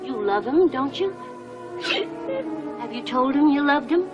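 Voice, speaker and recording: A woman's voice: high voice, expressive, a little slow, highs cut off, music in the background. An actress playing a tender mother coaxing and soothing her upset daughter in an old film.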